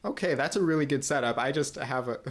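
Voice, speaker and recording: A man hosting a casual interview over a video call, talking in a halting way with many restarts. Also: mid-range voice. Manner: hesitant, with fillers and restarts. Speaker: interviewer, host.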